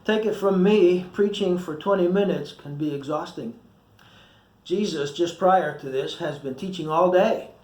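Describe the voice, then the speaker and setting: A man's voice: sits high, unhurried, a little mellow, roomy sound. A male pastor giving a short sermon, reading scripture with feeling and acting out the quoted voices. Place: church.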